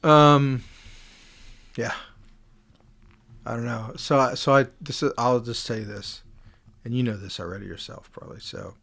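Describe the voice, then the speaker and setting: Male podcast guest, mid-pitched, animated and chatty storyteller. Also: a little slow, vocal fry, long pauses. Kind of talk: casual conversation.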